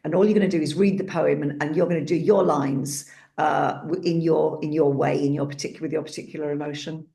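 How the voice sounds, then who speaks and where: A woman's voice: low-pitched, steady tone, quick pace, gravelly, mellow. A woman drama teacher on a video call, speaking in a loose, digressive way that trails off mid-thought. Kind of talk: casual group discussion.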